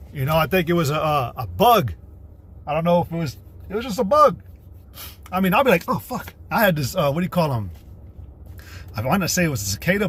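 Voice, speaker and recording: A man's voice: on the high side, breathy edge. A man from the United States preaching on a livestream, alternating blunt, profane ranting with reading scripture aloud. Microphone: streaming setup.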